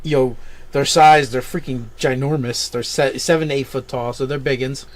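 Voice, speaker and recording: An enthusiastic man chatting casually about tabletop games, his talk loose and full of slang. His voice sits at an ordinary middle pitch for a man. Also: fairly even intonation, normal speed. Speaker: co-host. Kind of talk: casual tabletop game chat.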